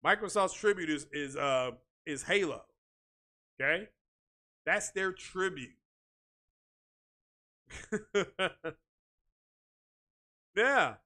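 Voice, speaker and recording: This male tech video host has a high, bright, forceful voice and delivers his casual tech rant very slowly, pausing often. He's animated and repetitive, with "you know" cropping up over and over as filler.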